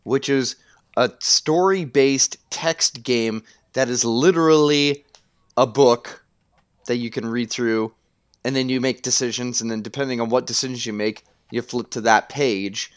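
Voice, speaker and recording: A man in casual chat, explaining in a relaxed way with lots of fillers. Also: medium pitch, measured pace, clean tone, no room sound, clean studio sound. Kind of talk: casual chat about games.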